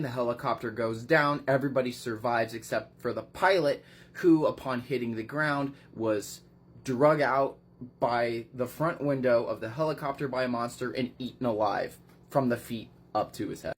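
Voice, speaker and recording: Excitable, rambling book vlogger at home. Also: medium pitch. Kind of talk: casual plot recap.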